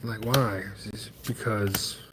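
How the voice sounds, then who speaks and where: A man's voice: lowish voice, fairly even intonation, takes it slowly. Guy chatting while opening card packs, rambly and self-deprecating, noisy background. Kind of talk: casual stream chatter.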